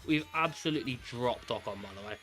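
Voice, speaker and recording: A man giving excitable, chatty commentary while playing a racing management game, cheering his drivers on. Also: medium pitch, quick pace, faint music behind. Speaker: gaming creator.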